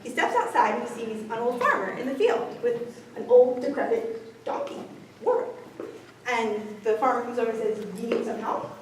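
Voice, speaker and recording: An upbeat, chatty woman presents on gifted education in a high voice. She sounds distant in a very echoey room with background noise. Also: big pitch swings, moderate pace. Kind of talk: presentation to teachers.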